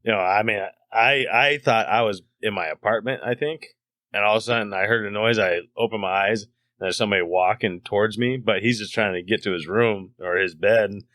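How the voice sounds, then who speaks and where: A man's voice: fairly low pitch, a little fast, bright, forceful tone, no room sound, studio quality. A man co-hosting a podcast in casual chat, teasing and joking, often breaking into laughs. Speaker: podcast co-host.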